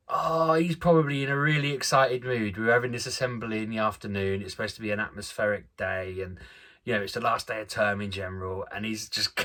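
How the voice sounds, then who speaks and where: Family vlogger dad, thirties, chatty and self-deprecating, bright lowish voice, laughs through his stories. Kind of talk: casual storytelling chat.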